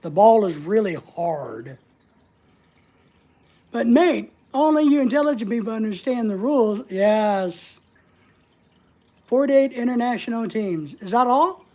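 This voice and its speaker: A woman's voice: on the high side, animated, a little slow, long pauses, mellow. A woman hosting a casual livestream, answering viewer comments in a playful, teasing way and laughing often. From United States. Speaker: livestream host.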